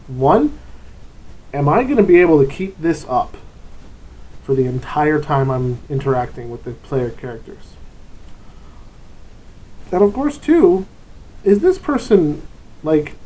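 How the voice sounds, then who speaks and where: A man's voice: a little high, a little mellow, low-quality recording. Brief: chatty male RPG vlogger, casual rambling advice, frequent restarts. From grew up in Germany. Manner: rambling, self-interrupting, chatty. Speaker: tabletop RPG channel host.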